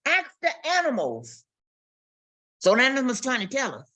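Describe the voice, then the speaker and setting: A woman's voice: high-pitched, huge pitch swings, normal speed, sharp tone. A woman pastor preaching a sermon, telling stories and acting out quotes and barking sounds.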